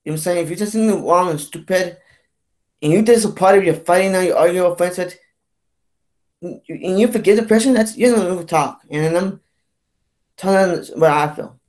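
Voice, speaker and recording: A man vlogging a rambling, profane rant, halting and repetitive, with frequent restarts and stammers. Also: sits high, a little mellow. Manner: profane, repetitive, keeps saying "you know what I'm saying". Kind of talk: rambling ranting monologue.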